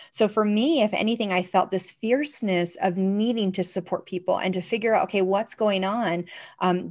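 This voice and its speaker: Animated, enthusiastic woman guest. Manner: enthusiastic, animated, jumps up in pitch when excited. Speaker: guest, organizing coach. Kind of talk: casual interview chat.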